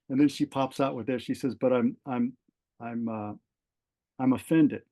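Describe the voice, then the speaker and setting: A man's voice: mid-range voice, moderate pace, gravelly. A middle-aged man, a retired fire captain, telling a personal story as a podcast guest, acting out the dialogue with many fillers and restarts. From California. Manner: animated storyteller, voices quoted dialogue, frequent fillers and restarts.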